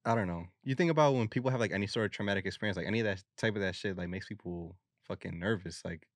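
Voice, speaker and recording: A young man co-hosting a podcast in casual chat, slangy and quick to laugh. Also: on the low side, dry recording. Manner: slangy, laughs often, acts out quick voices. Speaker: podcast co-host.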